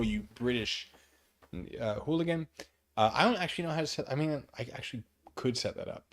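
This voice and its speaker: Animated male streamer chatting casually. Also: medium pitch, fairly quick. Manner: rambling, self-deprecating, reads chat aloud. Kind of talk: casual live-stream chat. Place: living room.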